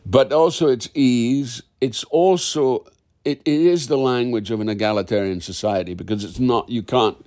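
A man's voice: mid-range voice, normal speed. An older man with a Scottish accent, a guest in an interview, telling stories animatedly and often restarting his sentences. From Scotland. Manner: animated, acts out quoted dialogue, restarts mid-sentence. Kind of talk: conversational interview storytelling.

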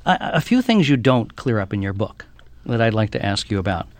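A man who is a TV critic, asking polite, measured interview questions. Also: lowish voice, big pitch swings, no room sound.

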